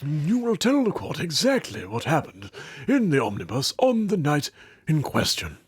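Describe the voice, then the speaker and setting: A man's voice: on the high side, wildly swooping pitch, normal speed, breathy edge, exaggerated voice. A man voicing a formal, stern older judge, speaking in stately diction in a game playthrough.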